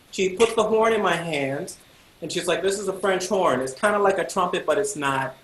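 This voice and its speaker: A man giving a masterclass to music students, telling his story in a lively, chatty way and acting out the people in it with sudden high-pitched outbursts. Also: moderate pace, roomy sound, low-quality recording.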